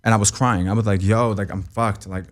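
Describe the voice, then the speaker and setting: Speaking briskly in a lowish voice with fairly even intonation, a young interview guest shares an emotional, painful story from his life. He wanders, repeats points, curses, and often asks "you know what I mean."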